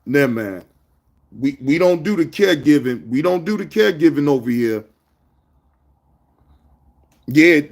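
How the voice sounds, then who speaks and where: A man's voice: a little high, animated, measured pace, vocal fry, long pauses. A man hosting a casual livestream, talking to his chat in loose slang, scolding viewers and reminiscing. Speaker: livestream host.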